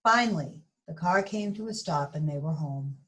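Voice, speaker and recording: A woman reading a bedtime story aloud in a gentle, expressive way. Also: low-pitched, normal speed, low-quality recording.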